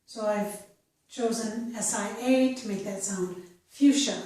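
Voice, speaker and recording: A woman with a fairly high voice talks slowly through a pronunciation lesson. She spells out letters and repeats words with care. The room is very echoey and she sits back from the mic. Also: darkish tone, recorded from a distance. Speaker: pronunciation teacher. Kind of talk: slow, careful pronunciation lesson.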